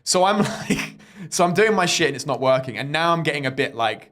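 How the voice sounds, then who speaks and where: A young man and podcast host, telling a stand-up story in a casual, animated way and acting out the people in it. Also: fairly high pitch, fairly quick. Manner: animated storyteller who mimics people in quotes.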